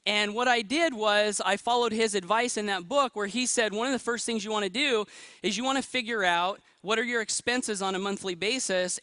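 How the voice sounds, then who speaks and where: A man in his thirties giving a motivational stage talk, energetic and firing questions at the audience. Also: sits high, no room sound. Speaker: motivational speaker.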